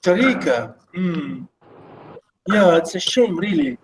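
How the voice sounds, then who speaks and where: Halting Arabic-speaking male lecturer. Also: high-pitched, expressive, background noise. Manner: halting, many fillers and repeats. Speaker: literature lecturer. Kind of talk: online class lecture.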